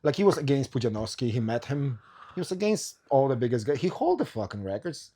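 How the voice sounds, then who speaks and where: A man's voice: medium pitch, sing-song, fairly quick, dark tone, slightly rough. A man hosting a podcast, chatting casually, swearing freely and telling rambling stories. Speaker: podcast host. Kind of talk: casual chat.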